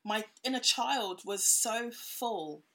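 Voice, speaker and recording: A woman's voice: a little high, animated, slow pace, fairly bright tone. A young woman recounts a story as an interview guest. She talks casually, peppering her speech with fillers and little laughs. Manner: chatty with many fillers and laughs.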